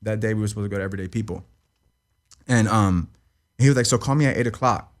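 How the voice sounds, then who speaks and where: A young man with a slightly low voice recounts a hard personal story as a guest. He talks in loose, repetitive runs, swears freely and keeps checking in with "you know what I mean.". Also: quick pace. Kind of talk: emotional personal account in an interview.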